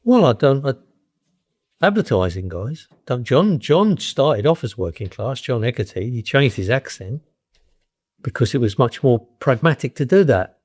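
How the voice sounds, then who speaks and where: A man's voice: medium pitch, sing-song, normal speed, a little mellow. An older man from East London with a Cockney accent, telling blunt anecdotes as a guest in a casual conversation. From East London, England. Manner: blunt, anecdotal, frequent restarts.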